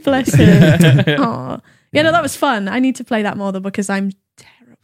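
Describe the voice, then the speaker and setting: A woman's voice: medium pitch, big pitch swings, normal speed. Chatty woman in her twenties. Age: 20s. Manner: chatty, laughs often. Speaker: guest. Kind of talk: casual chat.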